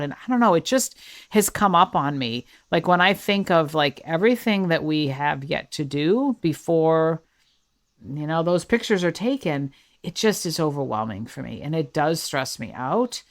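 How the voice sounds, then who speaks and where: A woman's voice: low-pitched, animated, moderate pace. A woman in her fifties hosting her own podcast, talking through her feelings in an earnest, searching way, thinking aloud with restarts. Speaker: podcast host. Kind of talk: reflective solo podcast talk.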